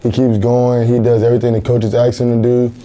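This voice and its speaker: A man's voice: medium pitch, completely flat delivery, brisk, dark tone. A young college football player answering interview questions in an earnest, plain-spoken way, often repeating words as he thinks. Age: young adult.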